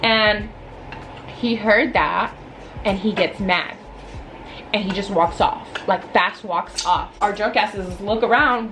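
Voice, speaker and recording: Twenties woman, animated casual storyteller, mid-range voice, faint noise behind. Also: mid-range voice, unhurried, rough recording. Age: 20s. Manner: animated, chatty, filler-heavy. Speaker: vlogger.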